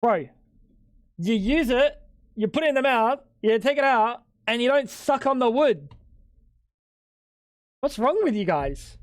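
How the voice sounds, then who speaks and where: A man's voice: very high-pitched, expressive, measured pace, long pauses, no echo, clean studio sound. A young man streaming live at home, bantering with chat in a crude, joking way. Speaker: livestreamer.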